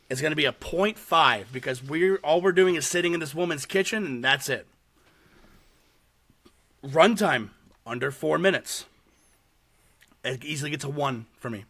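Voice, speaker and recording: Gravelly, bright-voiced male podcast host. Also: a little high. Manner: animated storytelling with frequent swearing and laughs. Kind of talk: casual chat recapping a horror short.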